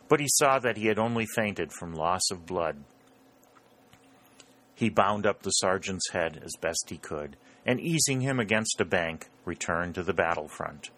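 A man with a very low voice reads a book aloud as its narrator. His delivery is steady and measured, keeping an even storytelling pace from line to line. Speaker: audiobook narrator. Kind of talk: scripted narration of a historical war novel.

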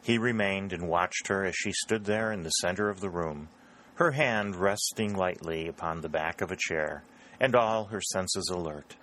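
A man narrating a novel as an audiobook reader, with a steady, even delivery. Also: sits low, moderate pace, low-quality recording. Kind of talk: scripted narration.

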